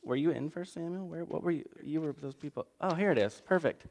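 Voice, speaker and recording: Casual preacher in an echoing hall. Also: male voice, on the high side, brisk, vocal fry. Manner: casual, jokey, swings from loud to hushed. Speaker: pastor. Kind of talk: animated storytelling sermon.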